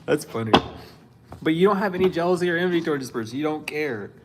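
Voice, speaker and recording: A spiritual reader with a fairly high-pitched male voice addresses the camera in a very noisy recording. His casual reading is blunt and scolding, animated, laced with profane street slang and quick bursts of laughter.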